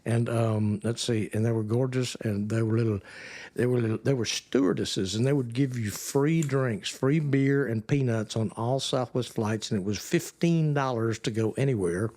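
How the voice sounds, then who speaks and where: Older man, guest actor, lively drawling storyteller, mid pitch. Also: normal speed. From Texas, USA. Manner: animated, drawling storyteller who jumps into high voices for quoted people. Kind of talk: casual storytelling chat.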